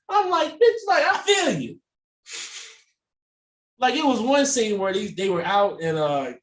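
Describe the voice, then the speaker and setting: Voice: medium pitch, recorded from a distance. A podcast co-host in casual chat, telling stories with lots of swearing and acting out the voices of the people he quotes. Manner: animated storyteller, acts out quoted voices, swears freely. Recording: roomy echo, somewhat off mic.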